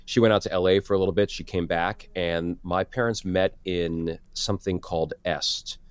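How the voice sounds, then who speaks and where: Low-voiced, chatty man in his thirties. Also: fairly even intonation, smooth, no echo. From New York City. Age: 30s. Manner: chatty, self-deprecating, halting restarts. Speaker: guest actor and producer. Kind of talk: podcast interview.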